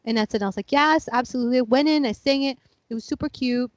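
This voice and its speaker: Brief: woman, 30s, podcast co-host, lively storyteller, fairly high voice, dry close sound. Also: fast talker, no room sound. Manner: animated storyteller, acts out family members; laughing, chatty. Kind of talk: casual chat.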